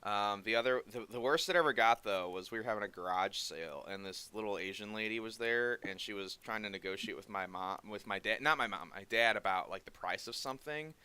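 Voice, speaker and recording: A man hosting a podcast, chatting casually and telling stories in an animated way. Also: fairly low pitch, a little fast, few pauses, smooth. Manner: animated storyteller, breaks into laughter. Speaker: podcast host. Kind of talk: casual chat.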